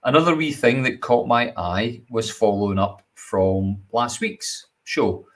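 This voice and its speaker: A man's voice: on the low side, animated, a little slow. A man with a Scottish accent hosting a casual live chat show, jokey and chatty. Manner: jokey, chatty, laughs often.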